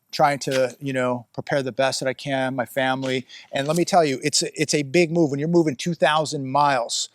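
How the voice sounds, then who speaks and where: A man vlogging outdoors on a rural ranch, rambling bluntly and breaking off to scold his dog. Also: fairly high pitch. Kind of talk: casual outdoor commentary. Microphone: phone or camera he adjusts himself.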